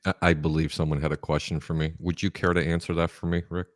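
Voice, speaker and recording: A man's voice: low-pitched, flat delivery, fast, no room sound. A man in his fifties co-hosting a casual sports talk show, teasing and joking dryly. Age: 50s. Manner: teasing, dry jokes. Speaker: co-host.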